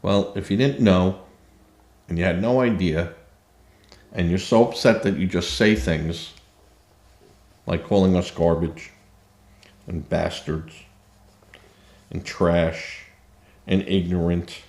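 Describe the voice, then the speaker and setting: A man's voice: deep voice, steady tone, slow pace, pauses often, darkish tone, reverberant. A man hosting a political commentary show, talking indignantly and sarcastically, with many fillers and restarts. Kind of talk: opinion commentary monologue.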